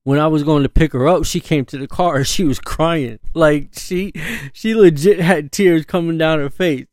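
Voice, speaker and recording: Slangy storytelling dad, smooth voice. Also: male voice, fairly high pitch, normal speed, darkish tone, dry recording, studio quality. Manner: loose slangy talk, full of "you know" asides and laughs. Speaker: parent. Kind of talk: casual storytelling.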